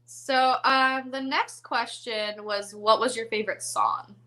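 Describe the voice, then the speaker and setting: A woman's voice: fairly high pitch, steady tone, takes it slowly, sharp tone, poor audio. A woman hosting a casual movie chat, chatty and giggly with lots of fillers. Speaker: host.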